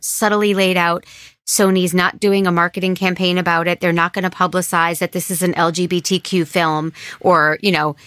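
Bright-voiced, earnest woman. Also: fairly low pitch, no echo, studio quality. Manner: earnest, heartfelt. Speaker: podcast guest. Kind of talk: casual film discussion.

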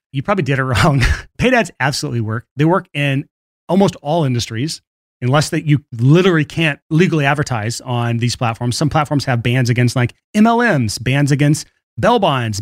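Male solo podcast host, rapid and casual, slightly high voice, dry sound. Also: dry recording. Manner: brisk, casual, laughs between points. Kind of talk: solo podcast monologue on marketing.

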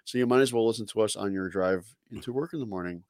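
Low-voiced, laid-back podcast co-host man. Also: quick pace, no room sound, clean studio sound. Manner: laid-back, jokey, with sudden loud outbursts. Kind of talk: sports fan chat and show sign-off.

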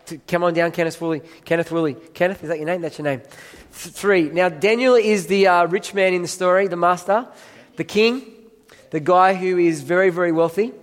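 High-voiced preacher in a reverberant hall. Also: male voice, normal speed. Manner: animated, emphatic storytelling. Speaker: pastor. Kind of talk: sermon with audience volunteers. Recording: long reverb of a large hall.

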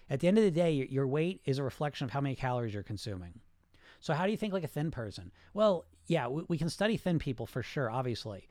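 A middle-aged man with a slightly high, somewhat mellow voice answers listener questions about weight loss, recorded dry in a clean studio. His coaching is casual and blunt, rambling along with restarts and swearing.

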